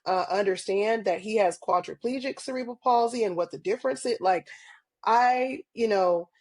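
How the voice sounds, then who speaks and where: A woman's voice: medium pitch, normal speed, darkish tone, no echo. A woman guest on a podcast interview, talking casually and earnestly with lots of ums and small laughs. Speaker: podcast guest, parent advocate.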